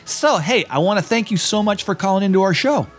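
Comedy radio host guy, kinda high voice, bouncy, stumbles thru questions. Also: lively intonation, faint music behind. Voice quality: jokey, halting questions. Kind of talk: comedy talk show interview.

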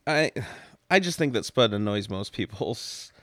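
A man bantering on a comedy radio show in a blunt, deadpan way, from a studio microphone. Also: medium pitch, moderate pace, no room sound. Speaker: radio co-host.

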